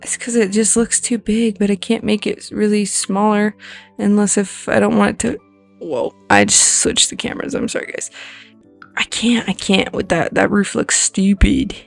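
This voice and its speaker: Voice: mid-range voice, normal speed, creaky, soft background music. A video creator giving casual, rambling commentary while building in a life-sim game, thinking aloud and poking fun at their own mistakes.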